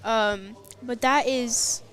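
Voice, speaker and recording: A woman's voice: on the high side, fairly even intonation, a bit bright. A woman with a Texan accent co-hosting a live archery stream, speaking hesitantly with many fillers. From Texas. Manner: hesitant, filler-heavy, slow wrap-up talk. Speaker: livestream co-host. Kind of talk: casual live commentary chat.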